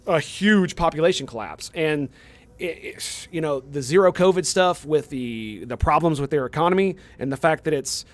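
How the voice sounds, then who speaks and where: A man's voice: a little high, lively intonation, normal speed. A young man streaming a game, arguing heatedly with his chat, swearing and firing off rhetorical questions. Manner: heated, profane ranting at chat; argumentative, fires rhetorical questions. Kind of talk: casual live-stream chat.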